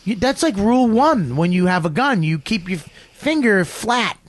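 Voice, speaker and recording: A man's voice: sits high, moderate pace, no room sound. Profane man telling a story, dry mic. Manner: profane, animated, self-deprecating storytelling. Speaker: podcast host. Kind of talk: casual storytelling chat.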